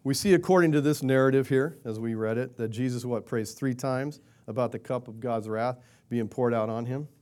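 This sermon comes from a man, a pastor, who talks at a moderate pace with hardly any pauses. He keeps it conversational, throws out rhetorical questions, and performs quoted prayers in a raised, higher voice.

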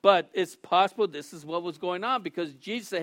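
Guy with a high voice preaching casual, lively, dry close sound. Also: fairly quick, hardly any pauses, no room sound. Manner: animated, restarts often, acts out quotes. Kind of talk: casual sermon.

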